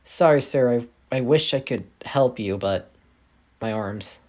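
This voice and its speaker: A man's voice: mid-range voice, a little slow, darkish tone, natural voice. A man voicing a hurt, timid teenage girl who speaks hesitantly and apologetically, with stumbling restarts.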